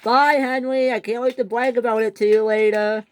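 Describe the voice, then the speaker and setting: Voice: mid-range voice, steady tone, moderate pace, voice pushed up, lightly acted. A performer voicing a boastful, hotheaded young male train engine in a toy train story. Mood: excited, whiny. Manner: whiny, shouts often.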